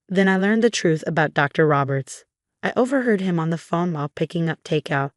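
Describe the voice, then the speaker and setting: Female narrator, low register, dry close sound, scripted dramatic story read. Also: expressive, a little fast, no echo.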